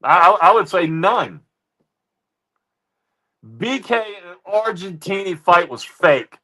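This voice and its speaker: A man hosting a livestream, ranting heatedly at his chat with constant swearing and repeated "ladies and gentlemen.". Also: high voice, expressive, slow. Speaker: livestream host reacting to chat. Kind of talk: profane livestream rant.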